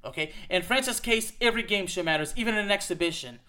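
Host, male, high-pitched, emphatic repetitive ranter, casual show delivery. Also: fast, pushed and bright. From United States. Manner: emphatic, repetitive, fired-up ranting with frequent "okay?". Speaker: podcast host. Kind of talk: ranting soccer commentary.

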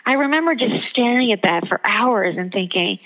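A woman theologian and author speaking as a guest in a podcast interview, telling her points with animated emphasis. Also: on the high side, normal speed, phone-quality sound.

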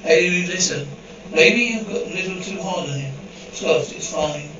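A man's voice: sits high, unhurried, reverberant, distant mic, lo-fi sound, noisy background. A man reading an episode script aloud, voicing the dialogue and the sound cues in the same evenly paced voice. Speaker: script reader.

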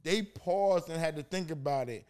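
A man with a New York accent from Queens, cursing freely and telling animated stories in a heated podcast debate. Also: fairly high pitch, moderate pace, clean tone. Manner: profane, animated storytelling. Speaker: podcast co-host.

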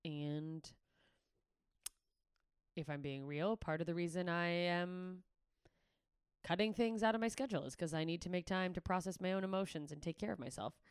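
Woman comedian, podcast host, low-pitched, smooth resonant voice, candid and rambling, swears a lot. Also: steady tone, normal speed, pauses often, no echo, studio quality. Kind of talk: casual podcast sign-off chat.

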